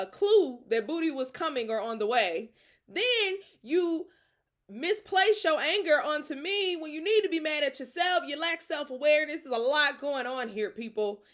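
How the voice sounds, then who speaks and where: A young woman hosting a podcast, telling a story in a lively, dramatic way with slang and frequent laughter. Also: a little high. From Atlanta. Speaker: podcast host. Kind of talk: casual storytelling.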